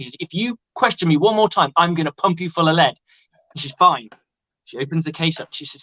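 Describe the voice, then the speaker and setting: A man, a coach on a sports talk show, telling jokes in an animated way with stammered starts. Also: a little high, brisk, no echo, highs cut off. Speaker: coach, co-host. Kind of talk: casual joke telling.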